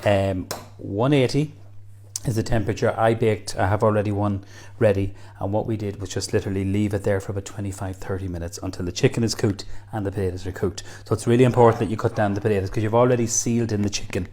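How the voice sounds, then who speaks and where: Quick-paced and warm, with a lowish voice and steady tone, an Irish cook chats his way through a recipe demonstration in the kitchen, full of enthusiasm and praise for the food.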